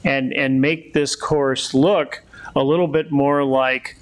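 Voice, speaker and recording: A man's voice: medium pitch, steady tone, slow pace, low-quality recording. A man interviewing a guest in casual chat, chiming in with short replies and wry quips.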